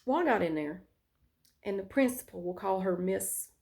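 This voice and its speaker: A woman's voice: medium pitch, animated, normal speed, gravelly, darkish tone. A woman vlogger telling a personal story in a candid, frank way with casual swearing.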